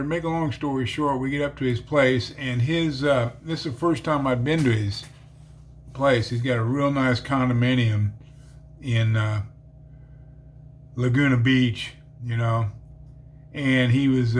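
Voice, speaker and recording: A man who is an ex-convict telling his conversion story in a casual, rambling way full of fillers. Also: mid-range voice. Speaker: ex-convict giving a conversion testimony.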